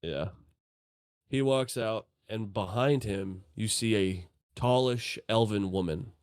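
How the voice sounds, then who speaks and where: A man's voice: on the low side, takes it slowly, darkish tone, smooth, no echo, clean studio sound. A man narrating a tabletop game as game master in a laid-back, rambling, cussing way.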